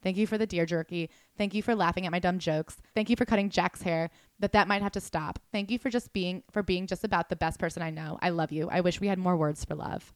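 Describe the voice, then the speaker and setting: A woman co-hosting a chatty podcast, talking at a quick clip with a jokey, animated manner. Her voice sits mid-range, and the recording is close and dry with no room sound. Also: lowish voice, clean tone, no room sound. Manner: fast, animated, jokey, reads quotes aloud. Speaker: podcast co-host. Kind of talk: casual chat.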